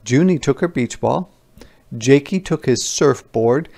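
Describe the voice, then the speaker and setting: A man reading a picture book aloud to young children as a teacher, pausing to explain words gently. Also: mid-range voice, expressive, gravelly.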